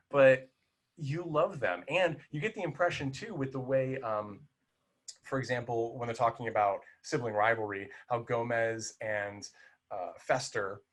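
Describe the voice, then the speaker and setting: A man's voice: mid-range voice, a bit bright. A man co-hosting a film podcast, talking casually and with animation, full of restarts and fillers. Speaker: podcast co-host.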